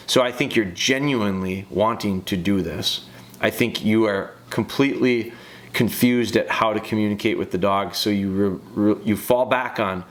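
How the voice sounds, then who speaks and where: A man with a lowish voice talks a dog handler through a training video. He coaches directly and hammers his points home by repeating short phrases. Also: normal speed. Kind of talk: casual video breakdown commentary.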